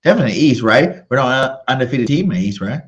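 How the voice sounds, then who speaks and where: A man co-hosts a casual sports podcast debate, his mid-range voice animated and fast. He boasts about his team and keeps insisting on it again and again, in the manner of boastful fan banter.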